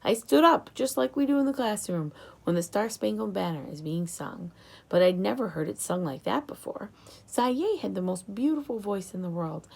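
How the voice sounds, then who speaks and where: A woman narrating a children's book in an expressive storytelling manner. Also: medium pitch, normal speed, gravelly. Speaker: audiobook reader.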